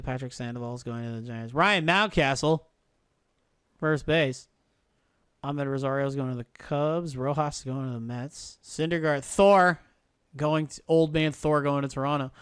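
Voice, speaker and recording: A man's voice: a little high, a bit bright, clean tone, no room sound, clean studio sound. A man playing a baseball video game on a live stream, muttering, thinking aloud and swearing freely as he checks player moves. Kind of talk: casual live-stream commentary.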